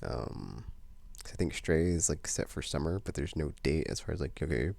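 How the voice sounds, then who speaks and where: A man's voice: extremely low pitch, lively intonation, moderate pace, gravelly, a little mellow, no room sound. A man vlogging in a casual, meandering chat, full of fillers and restarts.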